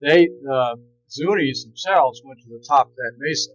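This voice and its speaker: A man telling local history in a relaxed, plain-spoken way, outdoors. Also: medium pitch, moderate pace, highs cut off. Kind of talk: casual storytelling.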